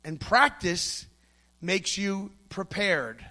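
A man's voice: high voice, lively intonation, extremely slow, sharp tone. A middle-aged man preaching a sermon, emphatic and storytelling, acting out the voices he quotes.

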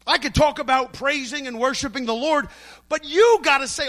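A man's voice: extremely high pitch, normal speed, fairly bright tone. A middle-aged man preaching a sermon, emphatic and storytelling, acting out the voices he quotes.

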